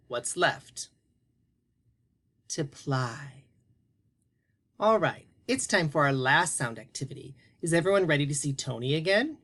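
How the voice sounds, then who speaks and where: A man teaching a phonics lesson to young children, prompting them slowly and deliberately. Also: fairly high pitch, a bit bright.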